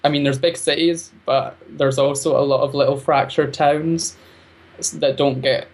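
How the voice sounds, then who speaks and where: A man's voice: on the high side, fairly even intonation, moderate pace. Chatty man, laughing guest. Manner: chatty, laughs often between points. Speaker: guest, arts project creator. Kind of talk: casual interview chat.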